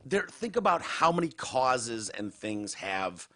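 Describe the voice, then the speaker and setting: A man's voice: mid-range voice, big pitch swings, takes it slowly, pushed and bright. A man with a Midwestern American accent hosting a casual podcast, talking bluntly and sarcastically with plenty of swearing. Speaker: podcast host. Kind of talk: casual talk-show banter.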